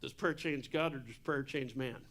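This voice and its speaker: A man's voice: medium pitch, normal speed, fairly bright tone. A man preaching a sermon at church in a casual, joking way, with asides to the congregation. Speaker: pastor.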